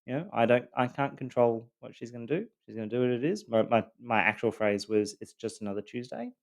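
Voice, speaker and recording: A man's voice: medium pitch, steady tone, a little fast. A man hosting a podcast, telling his own story in a loosely scripted monologue, earnest and hesitant with many fillers and repeated words.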